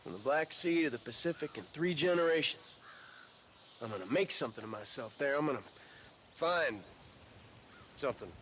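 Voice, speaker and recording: An actor playing a weary, folksy drifter heading west in a western video game. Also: male voice, a little high, lively intonation, moderate pace, long pauses, a bit bright, slight background noise. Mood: wistful.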